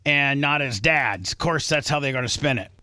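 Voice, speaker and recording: A man's voice: mid-range voice, moderate pace, noisy background. A man hosting a streaming radio talk show, rambling through stories with many restarts in casual banter.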